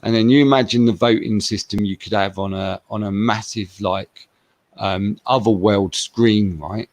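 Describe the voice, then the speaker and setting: A man's voice: lowish voice, steady tone, measured pace, a little mellow, no echo. A man in casual chat, rambling and laid-back as he gives his friend advice. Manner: rambling, laid-back, calling him mate.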